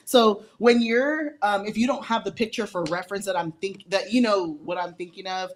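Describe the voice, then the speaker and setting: A woman's voice: medium pitch, normal speed, few pauses, a little hiss or hum. A woman giving a casual live-stream nail tutorial, chatty and giggly and a little out of breath. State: slightly out of breath. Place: indoor studio under hot lights.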